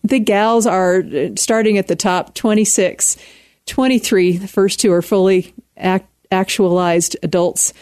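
A woman's voice: medium pitch, fairly even intonation, unhurried, a little mellow, dry recording, studio quality. A woman in her fifties with a Texan accent, an author speaking frankly and earnestly as a guest on a radio interview. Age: 50s. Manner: earnest, frank, laughs easily.

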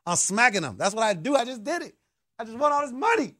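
Hyped, animated sports talk host. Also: male voice, very high voice, fast, no echo, studio quality. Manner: excitable, emphatic, hyped fan.

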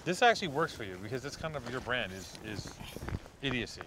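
Quick-talking exasperated man. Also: medium pitch, sing-song, noisy background. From Los Angeles. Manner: exasperated, sarcastic, quick complaints. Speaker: podcast host. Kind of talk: casual chat outdoors. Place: outdoors on a hike.

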